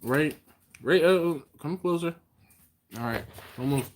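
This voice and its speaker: A man's voice: a little high, measured pace, slight background noise. A man with an American accent hosting a casual live stream from a home kitchen, teasing his co-host and reading viewer comments aloud.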